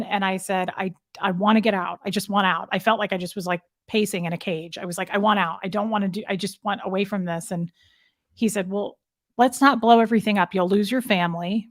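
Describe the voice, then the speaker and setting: A woman guest in a conversational interview, telling her story candidly and emotionally, with frequent halting restarts. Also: mid-range voice, no room sound, studio quality.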